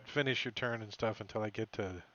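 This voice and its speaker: A man's voice: on the low side, a little fast, fairly bright tone, dull audio. A man narrating as dungeon master in a casual, swearing, joking way. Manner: casual, swearing, laughing often. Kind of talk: narrating a tabletop game.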